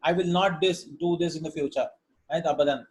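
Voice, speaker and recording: Here an Arabic teacher, his voice on the high side with a steady tone, moves fairly quickly through a relaxed vocabulary and grammar lesson. Thinking aloud, he reads every word, glosses it, and keeps asking "right?" and "yeah?" Audio quality is poor.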